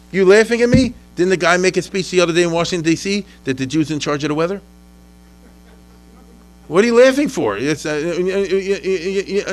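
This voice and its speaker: A man giving a classroom history lecture in an animated, rambling way, talking straight to his students with asides and questions. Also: mid-range voice, low-quality recording.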